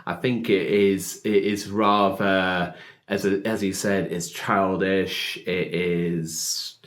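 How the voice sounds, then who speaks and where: A man reacting casually to an old interview, rambling and animated, often saying like and man. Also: low-pitched, takes it slowly, reverberant. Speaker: reaction video host.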